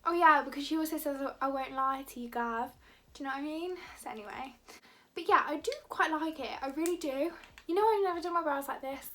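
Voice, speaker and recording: Chatty high-voiced woman vlogger. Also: fast talker, fairly bright tone. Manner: rambling, chatty, many "like" fillers. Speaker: beauty vlogger. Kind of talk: casual chat to camera.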